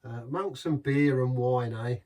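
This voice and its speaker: An English man talks through a beer review in a loose, rambling way, drifting off topic and chuckling at his own asides. His voice sits at an ordinary middle pitch, picked up from a little way off the microphone. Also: unhurried, dark tone, far from the mic. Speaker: beer reviewer, channel host.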